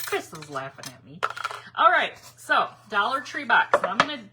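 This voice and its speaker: A woman's voice: on the high side, sing-song, a little slow, noisy background. A middle-aged woman hosting a live crafting stream, chatting bubbly with viewers, rambling and laughing often. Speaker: craft livestream host.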